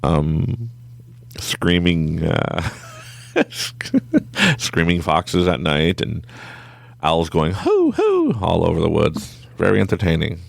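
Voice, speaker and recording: A man telling a story in a casual, animated way, laughing often and acting out his own thoughts in different voices. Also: sits low, slow, gravelly, long pauses, no room sound. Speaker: podcast guest.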